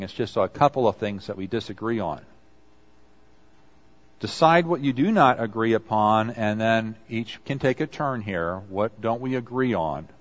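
A man's voice: medium pitch, muffled recording. A man preaching a conversational sermon, acting out quoted apologies as he goes. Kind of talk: sermon on confession.

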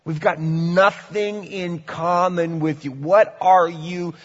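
A man preaching a sermon in a church, swinging between loud, dramatic lines and hushed, drawn-out ones. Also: high voice, steady tone, in a large hall, dull audio. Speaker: pastor. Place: church hall.

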